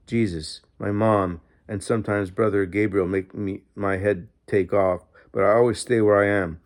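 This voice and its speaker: A man narrating a diary in the first person, reading steadily and earnestly as an audiobook narrator. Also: lowish voice.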